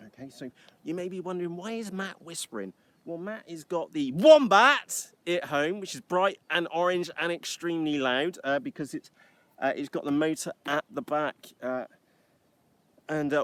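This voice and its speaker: A man's voice: medium pitch, no echo. A British man hosting a live stream from a field, chatting casually and rambling cheekily with many uhs, recorded on an iPad. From United Kingdom. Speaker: livestream host flying model aircraft. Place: outdoors in a field.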